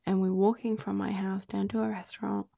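A woman's voice: medium pitch, little pitch movement, brisk, gravelly, dark tone, dry recording. A woman co-hosting a podcast, telling a story in casual chat, with lots of "like"s as she acts out the quoted dialogue. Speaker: podcast co-host.

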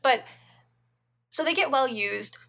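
Bright enthusiastic woman rambling. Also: sits high, animated, slow pace, gravelly. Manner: enthusiastic, rambling, many restarts. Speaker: podcast co-host. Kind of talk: casual chat.

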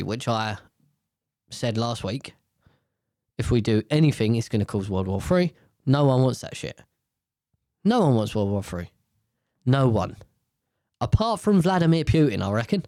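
A man's voice: mid-range voice, expressive, measured pace, pauses often, dark tone, no echo, studio quality. A man in casual, rambling commentary on the news, swearing freely and often correcting himself.

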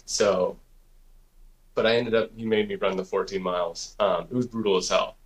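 A podcast co-host tells a story in a rambling, casual way, his lowish voice fairly even in intonation and at normal speed. He swears freely and leans heavily on "like" and "dude."

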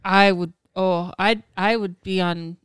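A woman's voice: medium pitch, steady tone, takes it slowly, a little hiss or hum. A woman co-hosting a podcast in casual chat, talking openly and reflectively with many "like"s. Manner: open, reflective, lots of "like" and "you know". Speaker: podcast co-host.

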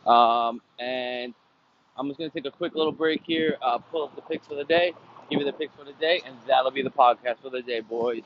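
His mid-range voice moves a little fast on a lo-fi recording made outdoors, where wind blows and traffic passes nearby. As host of a casual sports betting podcast, he rattles off picks and results in a cocky, profane manner.

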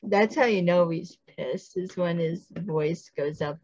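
Woman, low voice, husky, casual episode recap, acts out lines, dull lo-fi sound. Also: unhurried, no echo. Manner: animated, acts out characters' lines. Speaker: podcast co-host recapping a TV episode. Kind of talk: casual chat.

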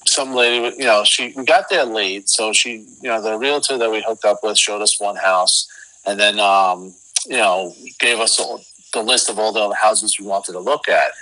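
A man's voice: on the low side, rough recording. A middle-aged man, an interview guest, telling a rambling story with lots of fillers. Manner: rambling, filler-heavy, animated retelling. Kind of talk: casual storytelling.

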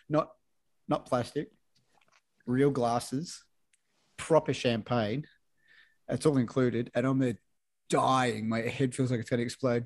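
A man's voice: mid-range voice, no echo. A middle-aged Australian man telling an anecdote casually, swearing freely and acting out quotes. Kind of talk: casual chat, storytelling.

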